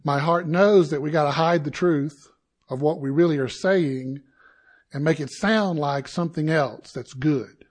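A man preaching a sermon to his congregation, slow and deliberate, with dramatic pauses and sudden rises in intensity. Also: a little high. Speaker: pastor.

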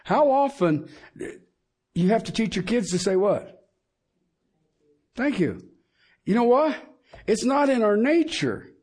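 Emphatic husky male preacher. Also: sits high, very animated, slow pace, long pauses, darkish tone. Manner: emphatic, asks the congregation questions. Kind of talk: sermon.

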